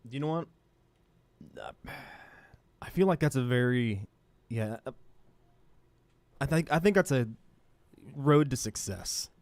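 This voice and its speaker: A man's voice: medium pitch, expressive, unhurried, long pauses, a little mellow, no room sound. Man, comedy podcast co-host, laid-back, short quips, mid voice, dry close mic. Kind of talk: casual comedic podcast banter.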